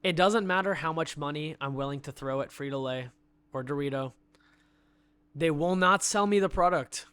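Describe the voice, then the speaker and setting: A man's voice: a little high, moderate pace, fairly bright tone, clean tone. A man telling an indignant story on a podcast, building up with bursts of laughter. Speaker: podcast guest. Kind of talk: animated storytelling rant.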